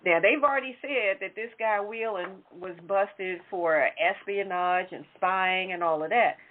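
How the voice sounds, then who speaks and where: A woman's voice: medium pitch, measured pace. A woman hosting a talk show, chatting casually and correcting herself as she goes. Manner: conversational, self-correcting. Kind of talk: casual political chat. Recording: tinny phone-like line.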